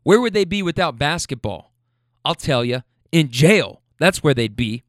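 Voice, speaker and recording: A man putting on the voice of a disgusted, bigoted gray-haired older man who blusters loudly. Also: on the high side, sing-song, normal speed, dry recording, studio quality.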